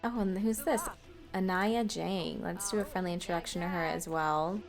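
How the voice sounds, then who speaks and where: A woman's voice: fairly low pitch, steady tone, moderate pace. A woman hosting a let's play, chatting casually as she narrates her game with fillers and small laughs. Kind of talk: casual gameplay commentary. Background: game music.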